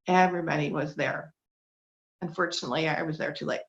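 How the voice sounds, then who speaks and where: A woman's voice: low voice, steady tone, fairly quick. A middle-aged woman giving a heartfelt, faith-based talk, earnest and emotional, fighting back tears. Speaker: speaker sharing a testimony. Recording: dull lo-fi recording.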